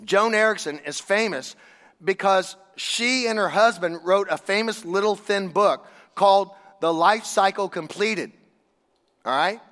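In an unhurried sermon, a preacher with a fairly high, bright voice keeps things conversational, driving his points home through emphasis and rhetorical questions. A large hall gives the sound a long, echoing reverb.

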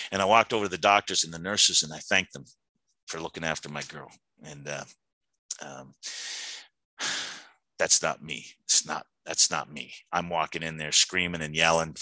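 Deep-voiced man sharing his recovery story. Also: bright, forceful tone, no room sound, poor audio. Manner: earnest, halting storytelling with many restarts. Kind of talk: recovery meeting share.

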